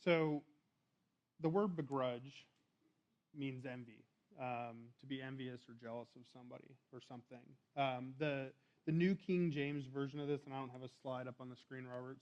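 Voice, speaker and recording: Conversational male preacher, slightly dull sound. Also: medium pitch. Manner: conversational, restarts and fillers, reads scripture aloud. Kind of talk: sermon.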